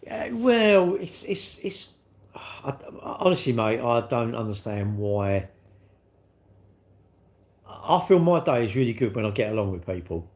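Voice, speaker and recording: A man's voice: mid-range voice, sing-song, unhurried, a little mellow. A middle-aged British man chatting on a livestream, rambling casually and acting out little back-and-forth dialogues. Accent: British English. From United Kingdom. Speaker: livestream host.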